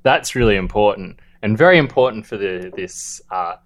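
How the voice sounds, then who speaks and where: A man co-hosting a book-discussion podcast, speaking in a measured, thoughtful and halting way. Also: on the low side, animated. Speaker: podcast co-host.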